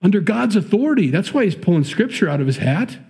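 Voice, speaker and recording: A man's voice: high voice, very animated, quick pace, gravelly, a little mellow, slightly rough. A man with a Midwestern accent preaching a sermon, reading scripture and breaking off into conversational, emphatic commentary. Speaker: pastor.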